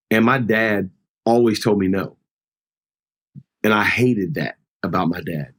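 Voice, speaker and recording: A man's voice: fairly low pitch, a little slow, pauses often, a bit bright, slightly rough. A middle-aged man, a pastor, telling a personal story in an earnest, conversational way during a podcast interview.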